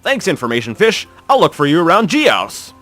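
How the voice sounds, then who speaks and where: A man's voice: a little high, huge pitch swings, normal speed, bright, forceful tone, soft background music, exaggerated voice. A man voicing a cheerful, polite young girl explorer in a video game, reading her lines in an earnest, apologetic way.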